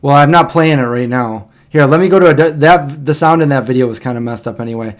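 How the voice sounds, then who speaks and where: Man, livestream host, loose rambling chat, mid pitch. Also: fast. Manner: chatty, rambling, reacting to old videos.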